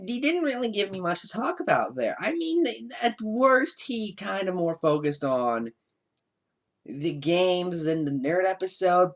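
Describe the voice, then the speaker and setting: Sarcastic man with a lively voice. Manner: sarcastic, mocking, with lively swings in pitch. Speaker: commentary YouTuber. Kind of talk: sarcastic commentary.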